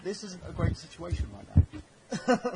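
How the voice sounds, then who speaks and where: A man hosting a podcast, chatting casually and acting out quotes in animated, swearing stories. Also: high voice, moderate pace. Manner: animated storyteller, acts out quotes, swears freely. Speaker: podcast host. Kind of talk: casual chat. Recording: crowd noise behind.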